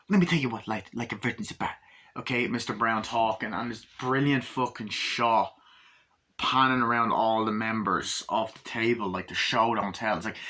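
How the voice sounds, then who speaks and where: A man giving a casual, rambling movie review, swearing a lot and acting out bits of the scenes in quick mock voices. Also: medium pitch, bright, forceful tone. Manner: loose, profane, quotes the scenes in mock voices.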